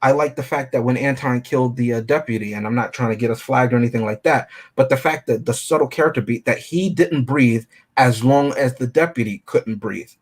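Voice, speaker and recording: A man's voice: mid-range voice, a little fast, few pauses. A man hosting a film review show, talking through a movie in a casual, analytical way and often checking in with his listeners.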